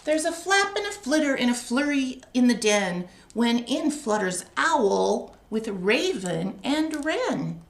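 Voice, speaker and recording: A woman librarian reads a picture book to young children at a very slow, expressive pace. Her slightly high voice carries a gravelly grain. The sound is echoey, with faint noise underneath. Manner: slow, expressive, warm read-aloud delivery.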